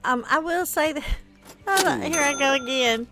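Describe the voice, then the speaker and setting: A woman's voice: high voice, moderate pace, music in the background. A tired woman streaming a game, chatting casually and reading viewer comments aloud. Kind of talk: casual gameplay stream chat.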